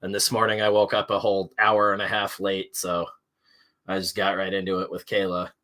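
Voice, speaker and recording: This stream host's voice is low, monotone, and pushed and bright, and he speaks a little fast. He rambles through a casual morning stream chat, saying "uh" often and dropping the odd curse word.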